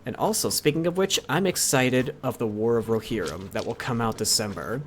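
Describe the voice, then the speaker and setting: Young male streamer, casual rambling chat, lively sing-song pitch, middle-height voice. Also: brisk, a little hiss or hum. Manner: rambling, with frequent self-corrections. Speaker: livestreamer.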